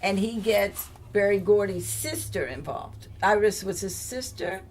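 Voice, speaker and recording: A woman's voice: mid-range voice, a little slow, slight background noise. A woman interviewing a singer, supportive, with frequent short reactions and follow-up questions. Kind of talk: casual interview.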